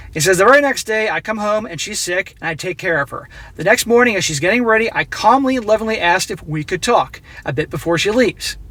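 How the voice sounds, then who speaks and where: Man, high-pitched voice, blunt, opinionated, reads a story and comments on it. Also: sharp tone. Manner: blunt, opinionated, addresses viewers directly. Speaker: relationship advice commentator. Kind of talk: reading a story aloud with commentary.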